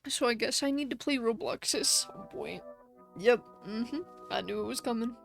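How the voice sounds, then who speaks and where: A woman's voice: fairly high pitch, moderate pace, creaky, faint music behind. A woman live streamer chatting casually with her viewers, reading their comments and laughing often.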